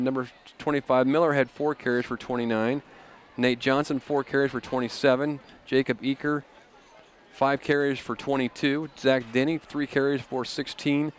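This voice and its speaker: A local sports commentator reads game stats in a steady, mid-pitched voice, stumbling over numbers and filling the gaps with "uh". A faint outdoor hum sits behind him at the stadium. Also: male voice. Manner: halting, filler-heavy stat reading. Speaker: play-by-play commentator. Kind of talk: local high school football commentary. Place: outdoor football stadium broadcast booth.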